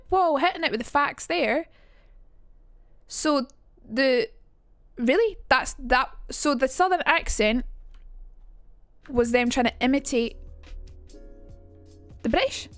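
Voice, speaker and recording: A woman's voice: high-pitched, no echo. Chatty woman streamer. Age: young adult. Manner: chatty, reacts to chat, swears casually. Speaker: streamer teaching accents. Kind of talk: casual live-stream chat.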